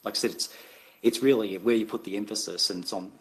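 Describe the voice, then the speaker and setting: An Australian man giving expert medical testimony at an inquest, halting and measured, with many restarts. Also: on the low side, steady tone, a bit bright, poor audio.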